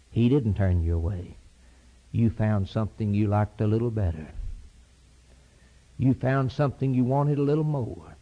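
A man preaching a sermon, impassioned and rhythmic, swinging from loud high peaks down to low, quiet lines. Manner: impassioned, rising to shouted peaks then dropping low; repetitive, rhythmic preaching cadence. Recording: dull lo-fi sermon tape.

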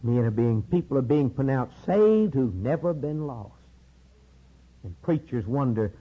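A man preaching a sermon in a repetitive cadence, swinging between low murmurs and high, urgent cries. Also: expressive, normal speed, slightly rough. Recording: dull lo-fi sermon recording.

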